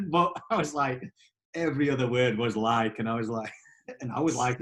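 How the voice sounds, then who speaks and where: A man's voice: medium pitch, normal speed, pauses often, fairly bright tone. A man hosting an interview, chatty and enthusiastic, often laughing. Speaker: host. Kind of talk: casual interview chat.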